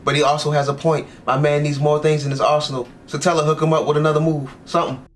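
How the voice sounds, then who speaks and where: A man's voice: fairly high pitch, level tone, fast talker, slight background noise. A man hosting an anime reaction video, talking in casual slang, reading subtitles aloud and laughing often.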